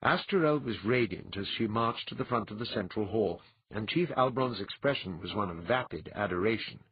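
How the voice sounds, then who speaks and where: A man narrating an audiobook in a measured storytelling manner, husky in tone. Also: on the low side, expressive, dull audio. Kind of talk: scripted narration.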